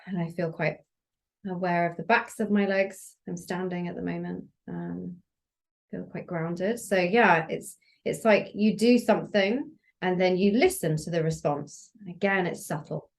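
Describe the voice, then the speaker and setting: Calm, low-voiced woman guest. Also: a little slow, gravelly. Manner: calm, gentle, explanatory. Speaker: somatic practitioner guest. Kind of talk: relaxed podcast conversation.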